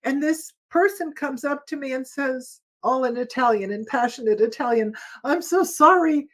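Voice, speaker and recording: Once an opera singer, this older woman is a guest in a relaxed interview, telling stories. She laughs easily and is highly expressive, her pitch and volume swinging dramatically.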